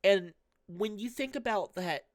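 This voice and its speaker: A woman commenting candidly on a story game, talking in a halting, emotional way with many restarts. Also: medium pitch, no echo, studio quality. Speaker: gamer playing a visual novel.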